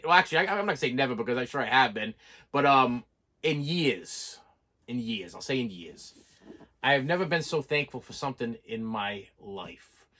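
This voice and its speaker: A man with a somewhat high, lively voice shows off a prized collection on camera. He rambles, repeats words and grows heartfelt as he talks. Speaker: collector vlogger. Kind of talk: casual collection show-and-tell.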